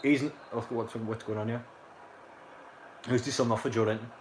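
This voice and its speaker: A man's voice: mid-range voice, steady tone, normal speed, slight background noise. A young man, casually commentating a football match live and chatting to viewers in a rambling way. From North East England. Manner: rambling, filler-heavy, reacts to chat.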